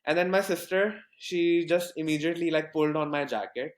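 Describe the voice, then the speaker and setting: A man's voice: a little high, a little fast, echoey room. Young man telling a story. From Pakistan. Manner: rambling, many fillers and restarts. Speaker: podcast guest. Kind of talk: casual storytelling.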